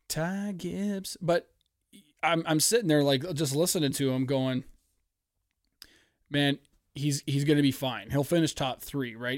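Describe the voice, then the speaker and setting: A man hosting a podcast, giving a casual, profane, excitable race recap with sudden loud outbursts. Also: on the high side, no echo, studio quality. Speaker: podcast host.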